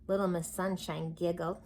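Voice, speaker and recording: A woman reading a storybook aloud to children in a slow, expressive way. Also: on the low side, husky.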